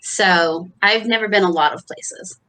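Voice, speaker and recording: A woman's voice: mid-range voice, unhurried, pushed and bright, slight background noise, poor audio. A woman in casual chat, telling small stories about home life. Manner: chatty, storytelling.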